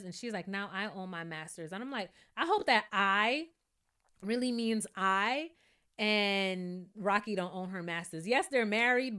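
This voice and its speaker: A woman's voice: mid-range voice, smooth. Chatty woman reviewing a reality show. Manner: chatty, animated, often laughing and quoting people. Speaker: YouTube reviewer. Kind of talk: casual recap and commentary.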